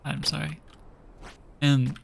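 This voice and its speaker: A man's voice: fairly high pitch, level tone, slow pace, gravelly, slight background noise. A young man streaming a game, telling a long story in a rambling, exasperated way full of fillers. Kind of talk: casual storytelling while gaming.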